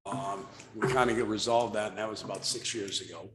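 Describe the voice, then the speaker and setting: A man's voice: fairly low pitch, fairly even intonation, fairly quick. A man serving as a selectman at a town board meeting, speaking in a plain, conversational way. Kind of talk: public meeting discussion. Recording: echoey meeting room with noise.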